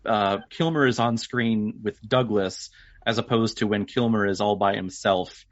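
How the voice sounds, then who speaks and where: A man's voice: on the low side, measured pace, no room sound, lo-fi sound. A man co-hosting a podcast, chatting casually about a film and laughing often. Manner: lively, laughs a lot. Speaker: podcast co-host.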